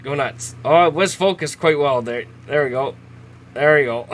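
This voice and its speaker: A man's voice: on the high side, normal speed, a bit bright. A man, casually chatting as he opens trading card packs, laughing at himself and reading names aloud. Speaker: host. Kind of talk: casual card-opening commentary.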